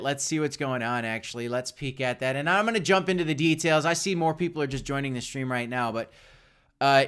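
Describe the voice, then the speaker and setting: A man's voice: mid-range voice, a bit bright, smooth. A man hosting a live crypto stream, talking opinionated and direct to his viewers with frequent restarts. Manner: opinionated, talks straight to viewers; frequent restarts and self-corrections. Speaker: crypto livestream host. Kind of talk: casual live-stream commentary.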